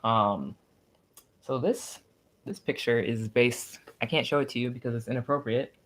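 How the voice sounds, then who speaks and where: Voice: mid-range voice, steady tone, a little fast. A young adult livestreamer chatting casually, rambling, swearing freely and getting giggly and flustered when reacting to old drawings.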